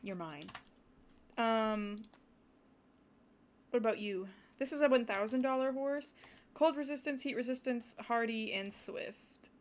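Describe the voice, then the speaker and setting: A young woman streaming a game, chatting and rambling to her viewers with excited gasps. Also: fairly high pitch, unhurried, pauses often. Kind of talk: casual livestream commentary.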